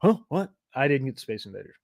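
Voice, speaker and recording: A man's voice: mid-range voice, very animated, fairly quick, vocal fry, a little mellow, slight background noise. A man from East Texas, hosting a casual livestream and rambling as he reads viewer comments aloud and answers them. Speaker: livestream host.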